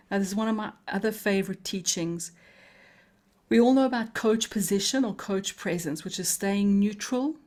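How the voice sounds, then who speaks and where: A woman leads a coaching lesson in a calm, melodic voice. She takes her time, slows on key phrases and leaves deliberate pauses. Her tone is inviting and she laughs easily. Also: mid-range voice. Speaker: coaching trainer. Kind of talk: live coaching webinar teaching.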